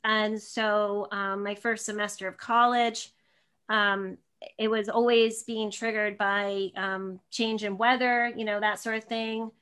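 A woman's voice: mid-range voice, flat delivery, a little slow, a bit bright, clean tone. A woman in her thirties, a guest in an interview, telling a personal story in a rambling way with many restarts and fillers.

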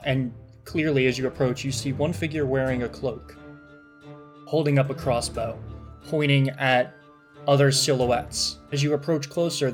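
Running the tabletop session as game master, this man describes the scene in an easygoing way, peppering it with fillers. His voice sits in the mid range.

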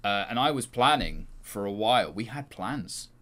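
A man's voice: lowish voice, expressive, moderate pace, fairly bright tone. A man appearing as a guest on a podcast, chatting casually and hesitantly, with frequent fillers and trailing sentences. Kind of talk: casual chat.

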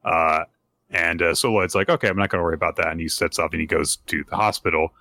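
A man co-hosting a casual podcast chat, recapping comic chapters and acting out the characters' lines in quick put-on voices. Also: low voice, fairly even intonation, sharp tone. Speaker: podcast co-host recapping manga.

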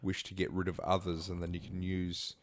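A man talking casually in a halting way, trailing off and restarting, heard quietly from away from the microphone. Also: low voice, monotone. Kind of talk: casual chat. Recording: off-mic, distant and quiet.

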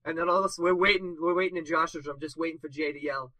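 Talking fast in a sharp, steady, slightly high voice, a podcast co-host in his twenties spins rambling stories packed with fillers and chuckles at his own jokes. The audio is poor, with no room sound.

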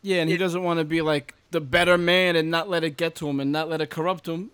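A man's voice: a little high, fairly even intonation, fast, a bit bright, smooth, no echo. A man co-hosting a podcast, talking in an emphatic, profane, casual way. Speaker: podcast co-host.

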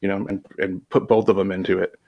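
Gravelly, hesitant man in his forties. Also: sits low, flat delivery, lo-fi sound. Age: 40s. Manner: hesitant, halting, soft-spoken. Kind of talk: casual chat.

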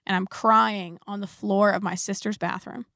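A woman's voice: mid-range voice, steady tone, moderate pace, gravelly, dry recording, studio quality. A woman co-hosting a church podcast, sharing a personal story in casual chat with many "like"s. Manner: warm storytelling, says "like" often. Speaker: podcast co-host.

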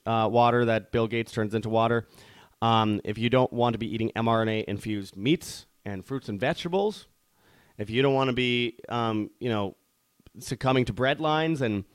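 A man's voice: mid-range voice, clean tone, no room sound. A man hosting an online commentary show, talking urgently and rallying his listeners, often calling them his friends. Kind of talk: opinionated commentary.

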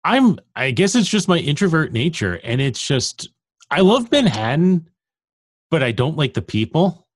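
A man co-hosting a podcast, talking casually in a measured, laid-back way. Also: on the high side, big pitch swings, no echo, clean studio sound. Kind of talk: casual conversation.

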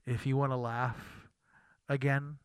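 A man's voice: medium pitch, little pitch movement, slow pace, clean tone, no room sound, clean studio sound. A man co-hosting a podcast, joking around and rambling with lots of restarts. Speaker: podcast co-host. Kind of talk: casual podcast chat.

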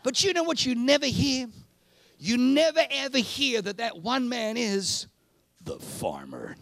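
Animated gravelly male preacher. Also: very high voice, a little slow, dry recording. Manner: animated, comic storytelling, jumping between voices. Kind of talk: sermon.

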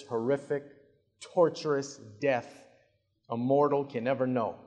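A male preacher with a fairly high voice tells the story dramatically, swinging between hushed and loud. He speaks slowly and deliberately, and his voice carries through a hall with a long reverb. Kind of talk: sermon.

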